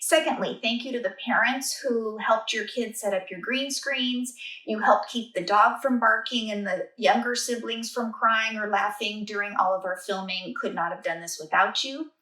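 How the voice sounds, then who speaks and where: A woman's voice: on the high side, steady tone, moderate pace, bright, forceful tone, recorded from a distance. A woman drama teacher introducing an online school play to its audience, upbeat and grateful as she thanks the people who helped. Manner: upbeat and grateful, plainly spoken. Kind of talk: prepared introduction to an online show. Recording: roomy sound from away from the mic.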